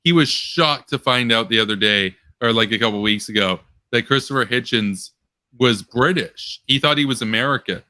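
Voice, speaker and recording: A young man hosting a casual online post-show chat, rambling and sarcastic, his pitch jumping up when he gets worked up. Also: normal speed, bright, forceful tone, no room sound. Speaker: political commentary host.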